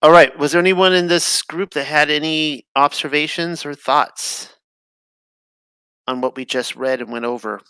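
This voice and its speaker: A man's voice: on the high side, steady tone, measured pace, sharp tone, smooth, dry recording. A man hosting a group discussion, musing on scripture in a rambling, casual way with many fillers and restarts. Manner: rambling, self-interrupting with fillers.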